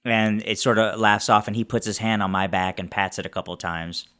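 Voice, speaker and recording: A man's voice: on the low side, fairly even intonation, a bit bright. Man narrating his tabletop character. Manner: halting, many restarts while describing scenes. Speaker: player.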